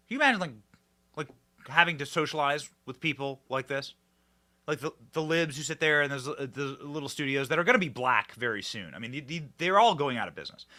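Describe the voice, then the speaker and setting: A man hosting a political commentary show, talking in an animated, emphatic and mocking way, often repeating his words. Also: fairly high pitch. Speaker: podcast host.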